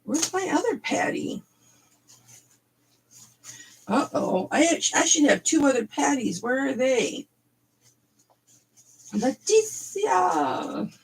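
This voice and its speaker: Woman, live-sale host, hoarse raspy voice, slow unhurried delivery, high-ish pitch. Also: big pitch swings, rough recording. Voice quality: raspy throat. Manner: raunchy, chatty, reads names off slowly. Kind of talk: casual live selling stream.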